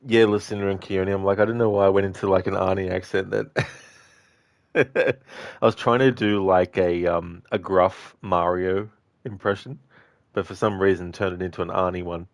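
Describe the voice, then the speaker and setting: A man's voice: low voice, fairly even intonation, normal speed, dry recording, clean studio sound. A man streaming a game, chatting casually with viewers, with frequent fillers and easy laughs. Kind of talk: casual chat reading viewer messages.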